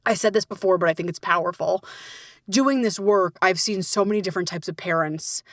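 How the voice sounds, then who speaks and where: A woman coach hosting a casual solo podcast, talking in a lively, playful way with frequent swearing and laughs. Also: on the low side, a little fast, no room sound, clean studio sound.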